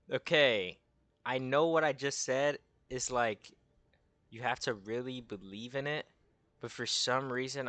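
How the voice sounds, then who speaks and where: A man's voice: mid-range voice, pushed and bright, no echo. A young man giving casual, rambling, slangy commentary and tossing in "bro" a lot. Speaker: content creator.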